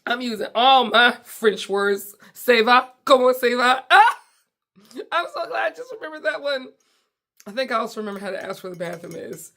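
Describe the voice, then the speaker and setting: A woman's voice: a little high, brisk, gravelly. A woman from the United States, a comedian and podcast host, telling a story in a casual, playful way and acting out the dialogue. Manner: animated, playful, acts out dialogue.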